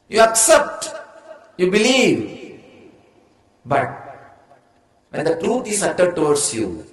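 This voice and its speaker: A man's voice: sits high, roomy sound, poor audio. A man giving a spiritual discourse as a teacher, emphatic and declaring with rising insistence.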